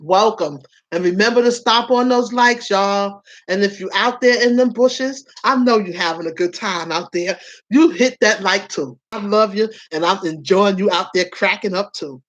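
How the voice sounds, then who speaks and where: A woman's voice: medium pitch, normal speed, fairly bright tone, dull audio. Laughing, frank woman hosting a chat. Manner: laughs often, playful and frank. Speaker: host. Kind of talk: casual chat.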